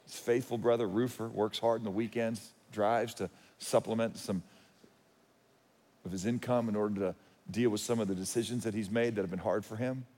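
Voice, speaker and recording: A man's voice: on the low side, fairly even intonation, moderate pace, warm tone. A man preaching a sermon in a conversational, storytelling way, often restarting his sentences. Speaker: pastor. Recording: long reverb of a large hall.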